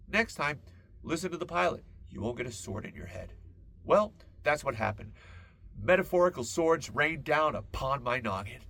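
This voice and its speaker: Gravelly man on a rambling comic monologue. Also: mid-range voice, normal speed. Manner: rambling, absurd tangents, deadpan asides. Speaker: podcast host. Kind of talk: comedic podcast monologue.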